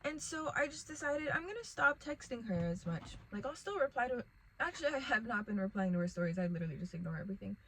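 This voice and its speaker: A woman's voice: fairly high pitch, very animated, fast talker, a bit bright, a little hiss or hum, rough recording. A young woman telling a rambling casual storytime vlog to the camera, packed with "like" and fillers. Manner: rambling, filler-heavy, lots of "like".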